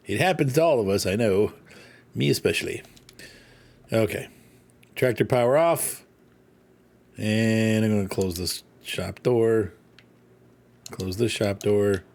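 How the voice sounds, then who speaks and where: A man chats loosely through his gameplay, his pitch bouncing widely as he jokes with himself. He rambles in an easy, offhand way. His asides stay goofy and unhurried. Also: expressive, vocal fry, darkish tone. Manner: rambling, playful, jokey asides. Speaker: gaming channel host. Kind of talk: casual gameplay commentary.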